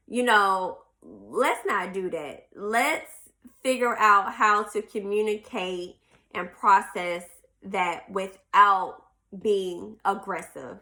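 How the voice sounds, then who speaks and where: A woman's voice: mid-range voice, takes it slowly, sharp tone. A woman hosts a podcast in a casual chat, reading passages from a self-help book aloud and talking to listeners as y'all. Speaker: podcast host.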